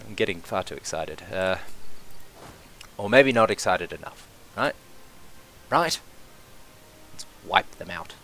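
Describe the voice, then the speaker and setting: Let's-play commentator: man, bright, excitable, casually profane, thinks aloud. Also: fairly low pitch, unhurried, long pauses, slight background noise. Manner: swears casually. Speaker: gameplay commentator.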